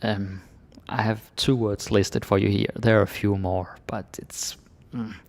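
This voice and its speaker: A man from Denmark gives a slow, casual pronunciation lesson with a gravelly, low voice. He jokes loosely and often trails off into whispers. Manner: relaxed, joking, drifts into whispers. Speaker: language teacher.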